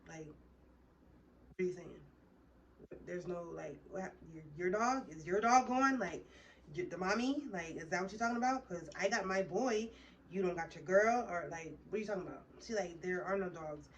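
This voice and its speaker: A woman's voice: lowish voice, normal speed, far from the mic, muffled recording, a little hiss or hum. A woman vlogger telling a heated, profane story straight to her viewers in a casual storytime.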